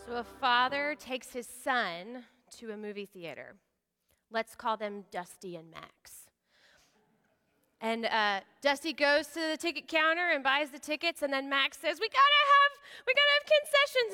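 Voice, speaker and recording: Woman preacher, lively storyteller, bright tense voice, long hall reverb. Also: sits high, moderate pace. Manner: animated, acts out voices of characters. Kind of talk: sermon with storytelling.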